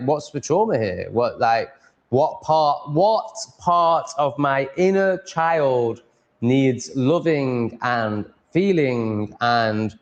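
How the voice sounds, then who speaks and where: A man chatting casually on a live stream, mumbling and rambling, swearing freely and reading chat aloud. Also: medium pitch.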